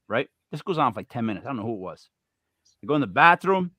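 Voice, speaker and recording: Lively, bright-voiced male podcast host. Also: mid-range voice, fast talker, no echo. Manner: animated, rambling anecdote with voiced quotes. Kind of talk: storytelling banter.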